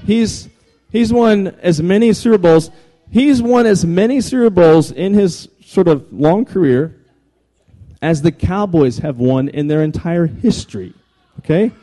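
A man giving an animated, humorous talk to a live audience. He jokes, repeats phrases and keeps calling for the crowd's attention. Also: high voice, unhurried. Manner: energetic, jokey, repeats phrases, calls for attention. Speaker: speaker addressing a live audience.

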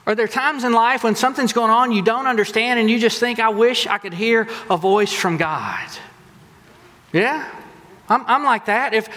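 A man's voice: very high-pitched, noisy background. A man, preaching a sermon as pastor, telling stories animatedly and acting out quotes. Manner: animated storytelling with acted-out quotes. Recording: long hall reverb.

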